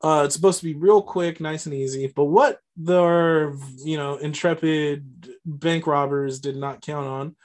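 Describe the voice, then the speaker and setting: A man's voice: a little high, steady tone, a little slow. A man casually recapping a film plot on a podcast, rambling with lots of fillers and restarts. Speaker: podcast co-host. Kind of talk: casual movie recap chat.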